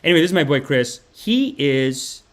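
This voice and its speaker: A man's voice: fairly high pitch, sing-song, normal speed, a bit bright. Rambling profane male podcast host. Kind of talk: casual livestream chat.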